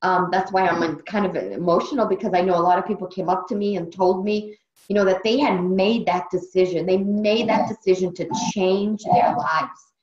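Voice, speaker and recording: A woman's voice: lowish voice, normal speed, darkish tone. A Brazilian-born woman hosting a motivational team training on a video call, earnest and emotional, repeating phrases for emphasis and sounding tired. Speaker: training host. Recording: dull roomy video call audio.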